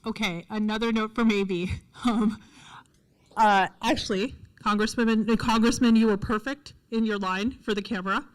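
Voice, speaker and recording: A woman's voice: mid-range voice, fairly even intonation, normal speed. A woman moderating a forum, giving casual logistics notes with fillers and light laughter. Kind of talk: event logistics announcements.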